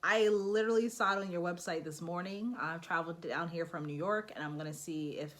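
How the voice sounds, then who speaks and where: A woman's voice: lowish voice, fairly quick, fairly bright tone. A young woman talking casually in a vlog, giving advice and acting out little bits of dialogue. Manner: chatty, acts out quoted dialogue. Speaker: vlogger.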